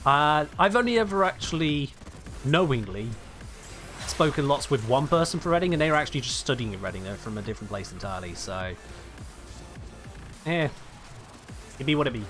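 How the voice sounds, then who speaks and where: Lively British man streaming a game. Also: medium pitch, fairly quick, long pauses, soft background music. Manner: chatty, rambling, reads chat aloud and chuckles often. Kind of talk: casual live-stream chat while gaming.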